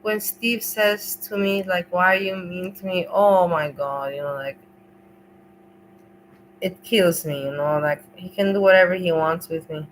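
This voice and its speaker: A woman's voice: lowish voice, measured pace, slight background noise, rough recording. A woman hosting a livestream, chatting casually in a rambling, emotional way and swearing freely. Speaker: livestream host.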